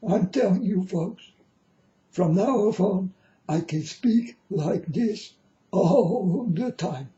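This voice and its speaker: A man putting on a high, singsong voice that he says sounds like an eighty-year-old man. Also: animated, slow pace, warm tone. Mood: preachy. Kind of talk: showing off a put-on voice. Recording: dull lo-fi recording.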